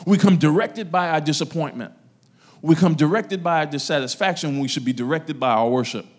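A man pastor preaching a sermon to his church, his loudness swinging between raised emphasis and quiet asides. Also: fairly high pitch, fast talker. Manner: preaching with strong rises and drops in loudness.

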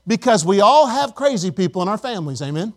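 A man's voice: high-pitched, big pitch swings, fast. A middle-aged male pastor preaching a sermon emphatically, calling on the congregation for responses.

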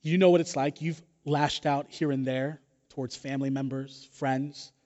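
A man preaching a sermon as pastor, telling a personal story in an animated, joking way. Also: mid-range voice, moderate pace. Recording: dull sound in a reverberant hall.

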